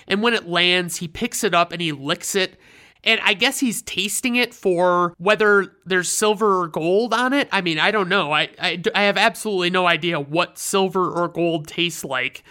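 Casual commentary host, sarcastic, swears a lot, deadpan asides, bright voice. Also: mid-range voice, moderate pace. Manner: sarcastic and profane. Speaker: host reviewing old holiday specials.

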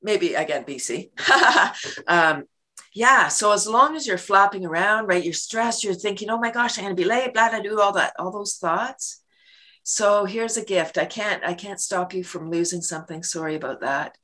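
Laughing, lively woman on an interview. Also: mid-range voice, a little slow. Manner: laughs often, acts out little quoted scenes. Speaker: guest, laughter yoga leader and worm business owner. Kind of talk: enthusiastic interview talk.

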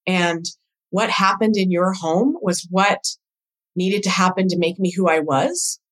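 A woman guest on a podcast, a doula coach, telling a personal story in casual conversation with emotional, animated quoted dialogue. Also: lowish voice, unhurried, rough recording.

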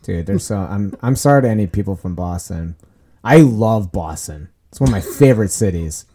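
A man's voice: lowish voice, animated, warm tone. A man co-hosting a casual podcast, playful and jokey. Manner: playful, jokey, quick to laugh. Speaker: podcast co-host. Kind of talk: casual chat.

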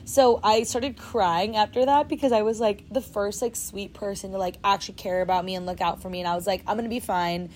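A woman's voice: mid-range voice, fairly even intonation, a little fast, hardly any pauses, darkish tone, a little hiss or hum. A young woman telling a travel story in a chatty, dramatic way, full of filler words. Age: young adult. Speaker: storyteller vlogger. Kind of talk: casual storytime. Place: outdoors, then moves indoors.

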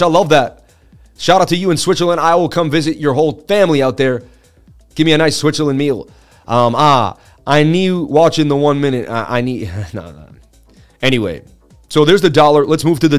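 A man hosting a live market-analysis stream, talking in a chatty, excitable way and turning to his viewers to answer chat between chart readings. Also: a little high. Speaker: livestream host.

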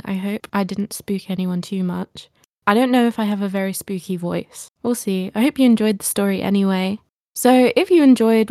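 A woman's voice: medium pitch, darkish tone, no echo, clean studio sound. A woman co-hosting a podcast in casual chat, chatty and laughing often. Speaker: podcast co-host.

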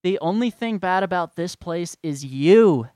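A man's voice: sits high, lively intonation, unhurried, warm tone, dry recording. A man ranting to his followers in a sarcastic, profane and rambling way. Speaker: vlogger. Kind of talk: profane rant to camera.

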